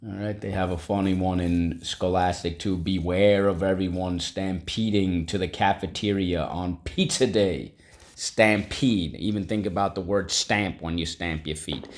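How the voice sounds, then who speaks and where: Male teacher, deep voice, unhurried vocabulary drill with call-and-response prompts. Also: steady tone. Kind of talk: vocabulary lesson for children. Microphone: recorded video lesson.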